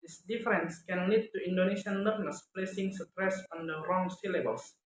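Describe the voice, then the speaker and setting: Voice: medium pitch, normal speed, a little hiss or hum. A student presenter reading an academic talk aloud from notes, stopping to sound out example words. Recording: echoey room.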